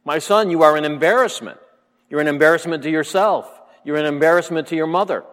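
A man's voice: a little high, a little fast, a bit bright, pitched above the performer's own voice, lightly acted. Man voicing a raging older king, raised and harsh, scolding his son; hall reverb. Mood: angry scolding. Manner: scolding, repeats insults with rising force.

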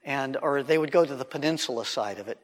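A man, preaching as he tells a story in an animated, conversational way with frequent restarts. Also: mid-range voice, fast. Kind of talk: sermon storytelling. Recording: long hall reverb.

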